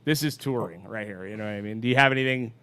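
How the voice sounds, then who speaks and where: A man's voice: fairly low pitch, quick pace, fairly bright tone, clean tone. A man hosting a podcast in casual chat, loose and profane, with short backchannels. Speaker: podcast host.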